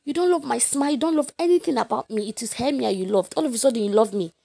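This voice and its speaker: A woman voicing a distraught young woman who feels mocked, in a high, loud, tearful protest. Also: quick pace, creaky. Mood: upset, pleading.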